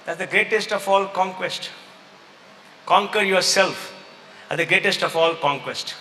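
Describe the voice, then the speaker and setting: Man voicing a calm wise holy man. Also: high-pitched, measured pace, slight background noise. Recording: echoey hall.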